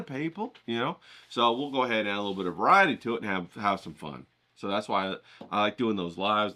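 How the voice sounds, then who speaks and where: Man, art vlog host, casual chat, upbeat, rambling, slangy, sharp bright tone. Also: medium pitch. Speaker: art vlogger.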